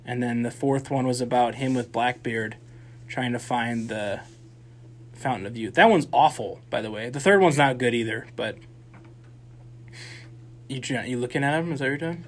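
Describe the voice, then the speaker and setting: A man's voice: mid-range voice, normal speed, long pauses. Rambling young man hosting. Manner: rambling, restarts often. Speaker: co-host of a campus radio movie show. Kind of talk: casual chat.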